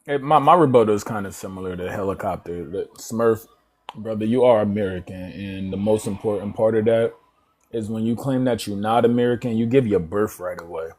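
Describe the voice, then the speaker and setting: Low-voiced man giving a rebuttal. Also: a little fast, darkish tone. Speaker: debate participant. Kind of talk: online debate rebuttal.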